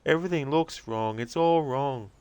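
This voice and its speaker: A fragile, dazed young waitress, as a man reads her part aloud, sobbing through slow, broken sentences. Her voice sits high and trembles while she pleads. It comes across smooth and close, with no room sound. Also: no echo, lo-fi sound, close to an everyday voice. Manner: halting, tearful, slow and pleading. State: crying. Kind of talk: reading game transcripts aloud with voices.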